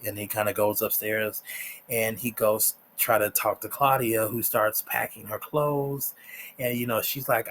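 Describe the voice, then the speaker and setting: A man's voice: on the low side, level tone, a little slow, fairly bright tone, slight background noise. A man giving a casual, rambling episode recap, full of fillers and restarts. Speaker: TV show reviewer.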